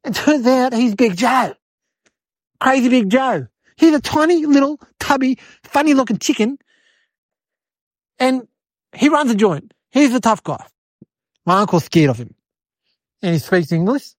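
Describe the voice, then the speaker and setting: A woman voicing an eight-year-old city boy, telling a rambling comedic story in a whiny, excitable way. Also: on the high side, measured pace, pauses often, no room sound. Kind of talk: comedic character monologue.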